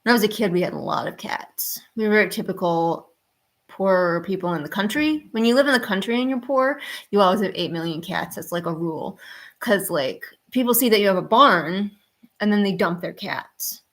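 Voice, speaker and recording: A woman's voice: medium pitch, lively intonation, normal speed, fairly bright tone. Chatty woman streaming while drawing. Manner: chatty, talks to her cats and chat. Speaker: art streamer. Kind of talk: casual live-stream chat while drawing. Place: home.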